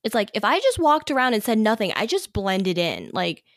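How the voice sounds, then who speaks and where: A woman's voice: medium pitch, very animated, moderate pace, dry recording, clean studio sound. A young American woman co-hosting a podcast, chatting casually with many "like" fillers. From United States. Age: young adult. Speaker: podcast co-host.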